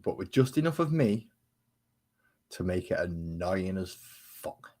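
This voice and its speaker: Low husky-voiced man chatting. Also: big pitch swings, unhurried, a little mellow. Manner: chatty, sarcastic banter with viewers, muttering while painting. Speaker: streamer painting miniatures. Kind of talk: casual live-stream chat.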